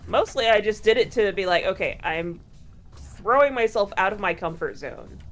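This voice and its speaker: A woman's voice: medium pitch, lively intonation, normal speed, a bit bright, soft background music. Woman, a bit tipsy, casual stream chat, loose and swearing, mid-range voice. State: a little tipsy.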